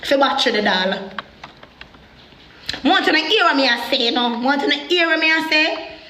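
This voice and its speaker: A Jamaican woman speaks in patois with a high, sharp voice, pouring out a personal story in an animated, heated way. The sound rings around an echoey room. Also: a little slow, a little hiss or hum.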